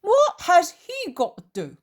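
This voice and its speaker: A woman's voice: extremely high pitch, huge pitch swings, unhurried, voice pushed up, heavily acted. A woman voicing a blunt, suspicious adult male apostle in an audiobook reading.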